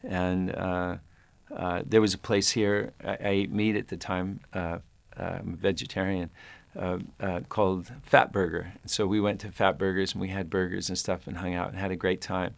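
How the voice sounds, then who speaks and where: A man in his sixties, an actor looking back on a past role in a thoughtful, halting way, often restarting his sentences. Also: low voice, little pitch movement, vocal fry, dry recording. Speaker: actor recalling a film. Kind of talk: reflective interview recollection.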